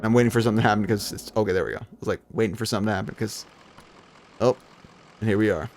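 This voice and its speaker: A man's voice: on the low side, fairly even intonation, racing, a little mellow, a little hiss or hum. A young man streaming a game with his sister, reading character lines aloud in a formal voice and joking in between with swearing and sarcastic asides. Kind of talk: casual let's-play commentary with voiced dialogue.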